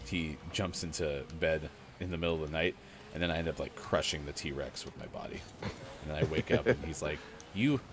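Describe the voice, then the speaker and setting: A man's voice: a bass voice, little pitch movement, fairly quick, noisy background. A middle-aged man co-hosting a morning gaming show, rambling casually with lots of fillers and chuckles. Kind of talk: casual chat while gaming.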